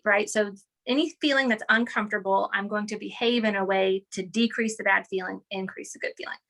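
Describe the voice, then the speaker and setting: A woman explaining an idea in an interview, animated and teacherly, often checking in with "right?" and "okay". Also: medium pitch.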